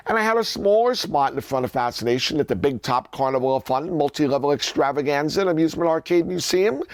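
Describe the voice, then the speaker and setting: A man hosting a casual vlog, telling animated, enthusiastic stories about his collection. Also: on the high side, no echo. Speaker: host. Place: indoors, in his collection rooms.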